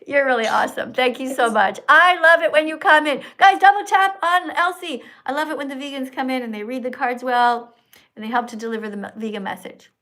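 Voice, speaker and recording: A high-voiced woman hosts a live stream, talking straight to her viewers. She lectures, scolds and mocks in a preachy, heated rant. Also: moderate pace, bright, forceful tone. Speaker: livestream host. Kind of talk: ranting livestream chat.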